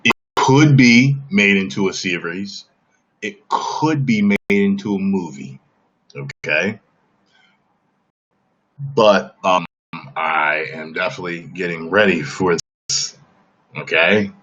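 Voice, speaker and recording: A man's voice: low-pitched, slow pace, long pauses, a bit bright, dull audio. A man hosting a casual livestream chat, talking emphatically and often checking in with the audience. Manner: emphatic, keeps asking "okay?". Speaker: livestream host.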